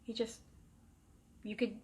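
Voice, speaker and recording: A woman's voice: slow, darkish tone. A woman telling a true ghost story in a casual, rambling way, full of fillers and restarts. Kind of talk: casual first-person storytelling.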